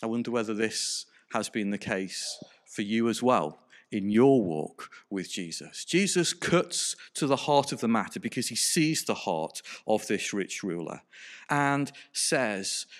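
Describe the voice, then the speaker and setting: A man's voice: lowish voice, animated, measured pace. A man preaching a sermon in a conversational way, often putting questions to his listeners.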